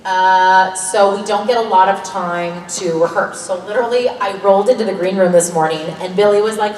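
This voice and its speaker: A woman's voice: medium pitch, fairly even intonation, moderate pace, few pauses. A woman in her thirties chatting candidly as a convention panel guest, laughing often and swearing casually. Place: large convention hall. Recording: echoey hall, distant mic, faint ambience.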